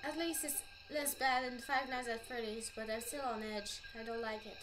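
A woman's voice: on the high side, level tone, moderate pace, noisy background. A young woman giving jumpy let's-play commentary, easily spooked and swearing, over game music. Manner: jumpy, swears a lot when startled. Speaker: gamer.

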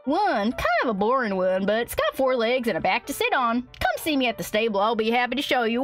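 High lively woman in hammy cowboy drawl. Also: a little fast, hardly any pauses. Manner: hammy put-on cowboy drawl, folksy slang; reads game text aloud, laughs often. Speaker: streamer. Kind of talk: playful let's-play commentary. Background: faint game music.

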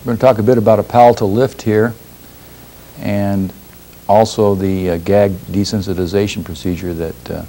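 A man teaching a class, explaining a lab demonstration in a measured way, pausing and clearing his throat now and then. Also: on the low side, flat delivery, dark tone, a little hiss or hum, poor audio. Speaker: instructor.

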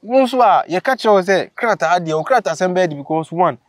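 High-voiced man telling a story. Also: fast, no room sound, studio quality. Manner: animated, laughing, acts out quotes. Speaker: vlogger host. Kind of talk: casual storytelling chat.

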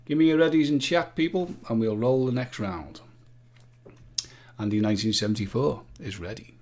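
Playful quiz host, jokey banter. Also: male voice, medium pitch, moderate pace, darkish tone. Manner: playful, jokey, chatty with viewers. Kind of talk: live-stream quiz banter.

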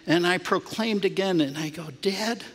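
A man's voice: fairly high pitch, slow pace, vocal fry. Earnest man preaching in a reverberant hall. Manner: earnest storytelling, swings from hushed to emphatic. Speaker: pastor. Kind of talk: sermon. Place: church sanctuary.

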